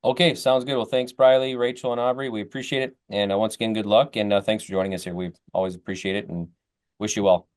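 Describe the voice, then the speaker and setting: Low-voiced male host, folksy, many fillers. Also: steady tone, fast. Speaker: radio host. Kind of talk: interviewing students.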